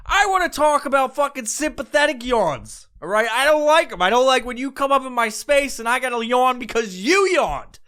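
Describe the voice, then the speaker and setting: Man, comedic rant, high bright voice, crisp and clear, rambling and profane. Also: big pitch swings, moderate pace. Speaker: podcast host.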